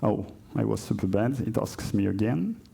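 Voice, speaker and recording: French-accented man giving a mellow tech talk. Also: fairly low pitch, lively intonation, normal speed, gravelly, breathy edge. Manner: hesitant, self-correcting, chatty asides. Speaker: conference speaker. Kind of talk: live coding talk. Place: conference hall.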